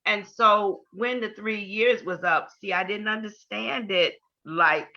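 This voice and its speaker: A woman's voice: mid-range voice, slow. An older woman giving an earnest personal testimony in an interview, repeating key points for emphasis. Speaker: guest. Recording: dull lo-fi podcast audio.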